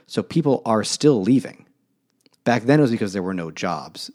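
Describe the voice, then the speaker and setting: Give me a man with a low voice rambling through stories on a casual book podcast, filler words and all. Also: expressive, moderate pace, a little mellow. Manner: rambling storyteller, lots of filler "like", swears. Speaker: podcast co-host. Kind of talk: casual chat over beers.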